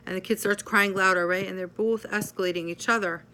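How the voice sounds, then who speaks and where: Female therapist, measured explainer, bright and crisp, slightly low-pitched. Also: steady tone. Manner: measured, explanatory, often checks in with "right?". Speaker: psychotherapist. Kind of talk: explanatory talk to camera.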